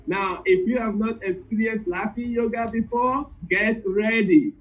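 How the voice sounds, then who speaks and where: A male show host introducing a guest with a lively announcer build-up. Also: sits high, measured pace. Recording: tinny phone-like line.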